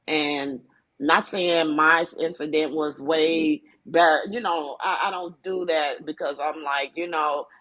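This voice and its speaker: A woman guest telling her own story on a talk show, speaking hesitantly with many restarts and pauses. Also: low-pitched, steady tone, a bit bright. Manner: hesitant, with frequent restarts and fillers. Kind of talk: personal testimony on a talk show.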